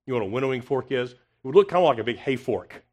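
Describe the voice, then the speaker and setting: In a confrontational expository sermon, a man with a medium-pitched voice fires off rhetorical questions at a racing, animated clip. He swings between loud emphasis and hushed tones.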